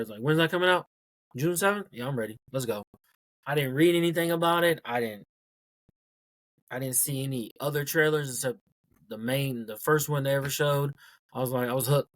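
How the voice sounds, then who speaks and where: A man's voice: mid-range voice, a bit bright. Blunt, profane male podcast host. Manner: blunt, profane, repeats points for emphasis. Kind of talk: casual solo podcast rant.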